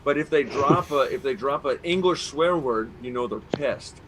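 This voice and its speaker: A man's voice: medium pitch, lively intonation, moderate pace, a bit bright, slight background noise. A Canadian man co-hosting a live stream, telling a long profane story in casual banter. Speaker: podcast co-host.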